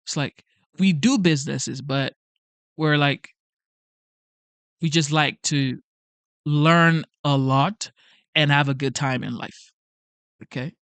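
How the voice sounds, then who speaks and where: A man's voice: a little high, takes it slowly, creaky, pauses often, fairly bright tone, no room sound. A Nigerian man with a Nigerian accent hosting a livestream, rambling casually and reading out viewer comments, with lots of "like" and "okay?". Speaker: livestream host.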